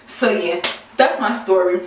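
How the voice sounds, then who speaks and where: A woman's voice: mid-range voice, unhurried, slight background noise. Exasperated young woman telling a story. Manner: animated, exasperated, acts out quotes. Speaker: vlogger. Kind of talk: casual storytelling to camera. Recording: very echoey room, mic far off.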